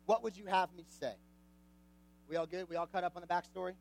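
High-voiced young man preaching casually. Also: steady tone, fast, creaky, low-quality recording. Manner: conversational, jokey, asks the audience questions. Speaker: youth pastor. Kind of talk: casual sermon to a youth group.

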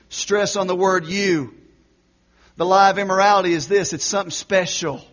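A man preaching a sermon, reading scripture and moving from loud urgent calls to hushed, intense asides. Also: sits high, fairly even intonation, a little fast, highs cut off. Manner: preaching with big swings from loud exhortation to quiet intensity. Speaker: pastor.

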